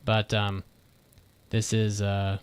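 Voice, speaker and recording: A man's voice: lowish voice, monotone, slow pace, clean tone. A man co-hosting a podcast in casual chat, rambling and swearing freely. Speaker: podcast co-host.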